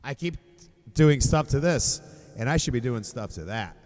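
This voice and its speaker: A man's voice: mid-range voice, expressive, moderate pace, darkish tone, long reverb tail. A man who is a guest musician on a casual show, tossing in dry wisecracks. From northeastern United States. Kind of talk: casual banter.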